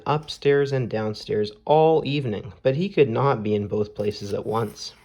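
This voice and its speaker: A man reading a children's storybook aloud in a slow, measured storytelling manner. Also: mid-range voice, dark tone. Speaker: storybook reader.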